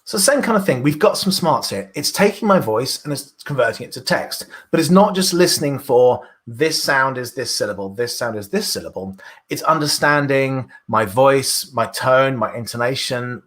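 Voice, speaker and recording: A man's voice: medium pitch, animated, moderate pace, fairly bright tone. A British man presenting a workshop, explaining a live coding demo with enthusiasm and frequent restarts. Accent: British English. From Britain.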